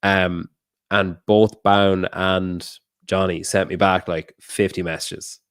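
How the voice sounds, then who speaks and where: A man's voice: deep voice, flat delivery, takes it slowly, clean tone, no echo, clean studio sound. A man with an Irish accent from the north of Ireland, co-hosting a podcast in a loose, swearing, casual chat. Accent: Irish, Donegal area. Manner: laid-back, swears freely, trails off and restarts. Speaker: podcast co-host.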